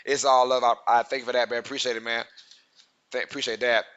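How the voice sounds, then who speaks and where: A man's voice: medium pitch, little pitch movement, fast, fairly bright tone, clean tone, dry recording, muffled recording. A young man with a Southern accent co-hosting a casual sports live stream, chatty and full of fillers as he reads viewer comments aloud. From Louisiana. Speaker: sports podcast co-host.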